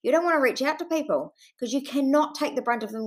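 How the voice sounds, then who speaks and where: A woman's voice: high voice, quick pace. A woman with a New Zealand accent hosting a solo podcast, talking in an earnest, impassioned way, swearing freely and speaking fondly to her listeners. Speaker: podcast host.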